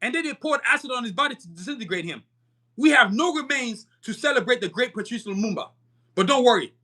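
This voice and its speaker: Fiery high-voiced young man ranting. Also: animated, fast talker, pushed and bright. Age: young adult. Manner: emphatic, repetitive stumbling restarts. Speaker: podcast host. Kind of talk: live-stream podcast monologue.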